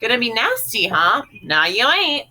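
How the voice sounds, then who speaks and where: A woman voicing a stern mother who scolds her daughters slowly and firmly. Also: a little high, big pitch swings, pushed and bright, exaggerated voice, poor audio. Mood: angry. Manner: scolding, slow and firm. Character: stern, sharp-tongued mother.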